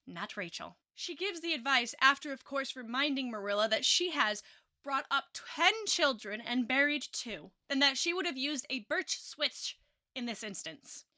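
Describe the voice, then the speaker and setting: A woman's voice: high-pitched, bright, forceful tone. A woman giving casual, musing commentary on a novel, reading passages and correcting herself as she goes. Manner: chatty, musing, self-correcting. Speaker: book reviewer.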